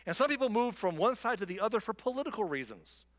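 Guy preaching casually, kinda high voice, big echoey hall, animated and chatty. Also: quick pace. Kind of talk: conversational Bible teaching.

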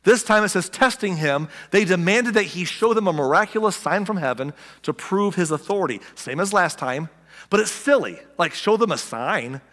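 A male pastor preaching in a casual, animated way, cracking jokes and acting out the people in his story. His voice sits a little high and rings out with a long hall reverb. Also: moderate pace. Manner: animated, joking, acts out quotes. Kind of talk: conversational sermon.

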